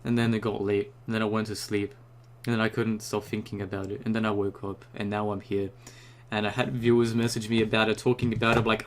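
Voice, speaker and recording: A young man ranting casually and excitedly about a new card, rambling and swearing often, just after waking up. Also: on the low side, a little fast, few pauses, slight background noise. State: just woke up. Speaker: YouTuber reviewing a card.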